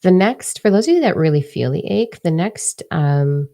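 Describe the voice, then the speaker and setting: A woman's voice: fairly low pitch, animated, normal speed, vocal fry, warm tone. A woman in her forties giving a casual, emphatic live energy forecast as a spiritual reader, repeating her key phrases.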